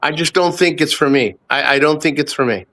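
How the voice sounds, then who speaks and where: A man's voice: a little high, brisk, pushed and bright. Rambling, cussing man in his fifties. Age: 50s. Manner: rambling and profane, repeats himself. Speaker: guest. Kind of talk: casual chat on a livestream.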